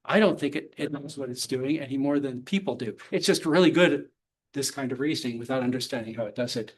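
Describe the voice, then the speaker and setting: A man giving a university lecture and answering audience questions, measured and academic with occasional blunt dry humor. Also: medium pitch, husky. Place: lecture hall.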